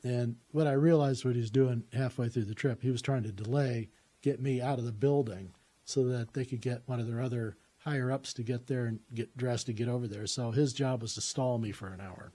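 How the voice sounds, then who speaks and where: A man's voice: medium pitch, fairly even intonation, brisk, mellow. A man telling a personal story in a casual, rambling way, with lots of "uh" fillers and restarts.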